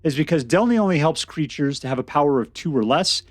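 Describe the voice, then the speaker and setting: Guy chatting thru his card game, thinks out loud, kinda high voice, dry close mic, faint music. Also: fast talker, dry recording. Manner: chatty, excitable, thinks aloud with restarts. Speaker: game streamer. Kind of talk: casual gameplay commentary and deck review.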